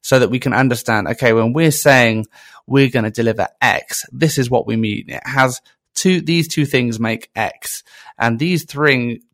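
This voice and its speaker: A man's voice: mid-range voice, measured pace, a bit bright, no echo. A man hosting a casual podcast conversation, musing and thinking aloud with some hesitation. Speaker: podcast host.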